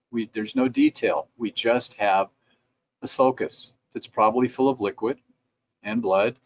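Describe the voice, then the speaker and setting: A middle-aged man giving a conversational instructional talk for dentists, sometimes acting out their replies in quotes. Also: mid-range voice. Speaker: dental lab president giving a training talk. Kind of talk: instructional presentation.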